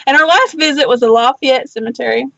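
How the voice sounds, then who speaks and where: High-voiced, blunt woman co-host. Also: fast, creaky, fairly bright tone, dry recording. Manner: laughing, blunt, swears freely. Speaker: psychic co-host. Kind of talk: casual podcast chat. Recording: dry, dull lo-fi sound.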